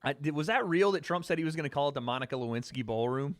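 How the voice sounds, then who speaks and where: A man's voice: fairly high pitch, animated, fast, no room sound, studio quality. A man hosting a casual livestream, chatting loosely with his viewers, joking and repeating himself. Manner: loose and chatty, talks straight to chat, jokes and repeats himself. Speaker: livestream host. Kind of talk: casual livestream chat reacting to fight chat.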